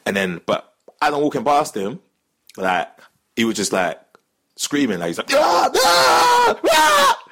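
Young man, husky voice, lively swooping pitch, slangy podcast storytelling. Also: moderate pace, pauses often. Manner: slangy, animated, laughs while telling stories. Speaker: podcast host. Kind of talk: casual storytelling chat.

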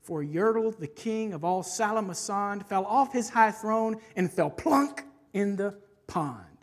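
A woman preacher reading a rhyming children's story aloud with expressive rhythm, then turning to a sermon point. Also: mid-range voice, a little slow.

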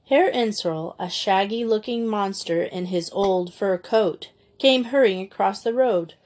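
A woman's voice: mid-range voice, unhurried, few pauses, a little mellow. Woman narrating a storybook aloud. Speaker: audiobook reader.

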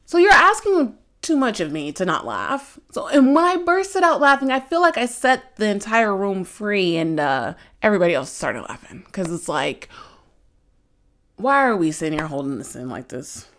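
A woman's voice: medium pitch, sing-song, normal speed, fairly bright tone. A young adult woman hosting a podcast, chatting casually and telling candid stories, filling her speech with "like". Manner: chatty, candid storytelling with lots of "like". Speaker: podcast host. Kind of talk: casual chat.

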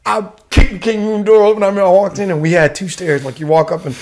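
Fast-talking, profane army veteran man. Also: sits high. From United States. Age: middle-aged. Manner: profane, slangy, animated storyteller. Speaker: podcast guest, retired soldier. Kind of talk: casual storytelling.

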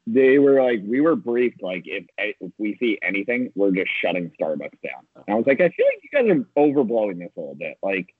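A man who works at a coffee shop chatting casually, animated and quick to laugh. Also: lowish voice, husky, dry recording, narrow, tinny audio. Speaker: Starbucks worker. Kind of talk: casual chat.

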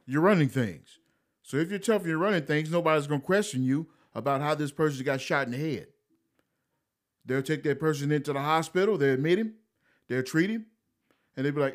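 A man giving blunt, preachy commentary, scolding his listeners in a lecturing tone and slipping into mocking voices to quote others. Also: fairly high pitch. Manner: slips into mocking voices when quoting others. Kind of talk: direct-to-camera commentary.

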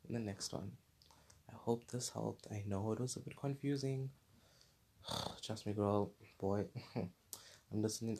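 A man's voice: on the low side, a little slow, creaky, long pauses, darkish tone, a little hiss or hum. A man hosting his own podcast segment, talking in an earnest, rambling, unscripted monologue that often repeats itself. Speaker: podcast host.

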